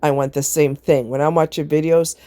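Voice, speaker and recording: A woman's voice: low-pitched, flat delivery, a little fast, dark tone, no echo. A woman chatting casually to camera, rambling from one aside to the next and often laughing. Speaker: vlogger. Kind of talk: casual chat.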